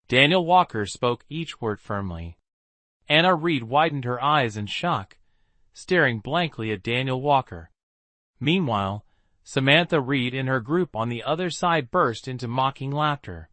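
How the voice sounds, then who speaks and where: Guy narrating a story recap, animated and bright, dry close mic. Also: medium pitch, measured pace, no room sound.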